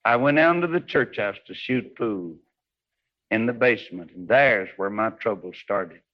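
A man preaching a fervent sermon, swinging between loud rising highs and hushed low passages. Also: lively intonation, a little slow. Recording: dull lo-fi old recording.

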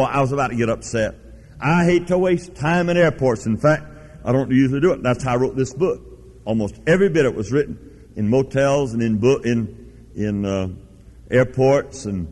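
Folksy preacher in a reverberant hall. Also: male voice, medium pitch, darkish tone. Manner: storytelling, folksy and emphatic. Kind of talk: sermon. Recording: long reverb of a large hall.

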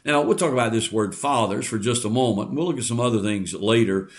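A male preacher gives an earnest, measured sermon in a mid-pitched voice. He works through a Bible passage, pausing often on small fillers as he explains it.

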